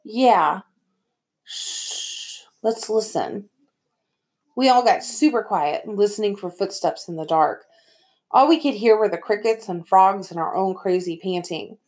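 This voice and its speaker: Woman narrating a lively audiobook. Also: medium pitch, moderate pace. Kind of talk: first-person audiobook narration.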